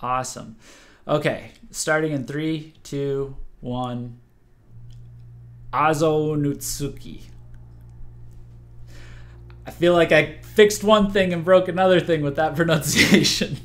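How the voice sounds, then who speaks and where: A man's voice: a little high, a bit bright. A young man hosting a music listening livestream, sleep-deprived and chatting casually, stumbling through fillers and restarts. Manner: halting, full of fillers and restarts. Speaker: livestream host.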